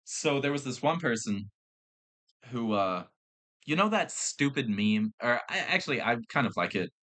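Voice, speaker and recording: Brief: young male podcast host, bright forceful tone, rambling and profane. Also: medium pitch, animated, moderate pace. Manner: rambling, swears freely, frequent fillers. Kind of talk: casual storytelling chat.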